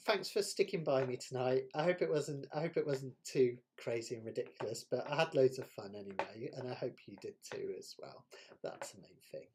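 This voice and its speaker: A man's voice: mid-range voice, a little hiss or hum. A man from the West Country of England with a West Country accent, hosting a live ukulele jam stream in a chatty, self-deprecating way and laughing often. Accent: West Country English. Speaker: ukulele teacher and jam host. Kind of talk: casual live-stream chat.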